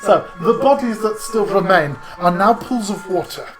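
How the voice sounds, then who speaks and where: Chatty male dungeon master, slightly high voice. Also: animated, moderate pace, music in the background. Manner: chatty, with lots of fillers and laughs. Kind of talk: narrating a tabletop game.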